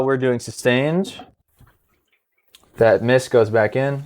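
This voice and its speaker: A man's voice: mid-range voice, slow. Playful man hyping up his dice. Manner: playful, hyped, jokey asides. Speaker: tabletop wargame player. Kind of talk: casual battle report banter.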